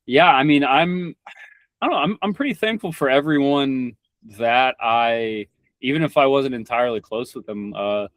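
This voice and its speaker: Young man from Kentucky, rambling blunt talk, mid-pitched voice, dry close sound. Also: moderate pace, a bit bright, no echo. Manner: rambling, frequent restarts and stammered repeats; blunt, swears freely. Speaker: podcast guest. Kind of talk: casual conversation.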